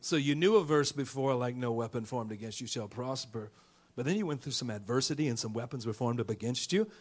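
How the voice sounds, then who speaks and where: A middle-aged male pastor preaching a lively sermon in a church, calling out to the congregation and rhyming. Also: mid-range voice, brisk. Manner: fired-up preaching with call-and-response and rhymes. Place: church sanctuary.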